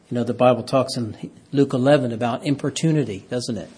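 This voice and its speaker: A man preaching a sermon, reading scripture aloud and swinging between hushed, slow phrases and raised, emphatic ones. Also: medium pitch, husky. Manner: preaching with dramatic swings from hushed to loud, stretching key phrases.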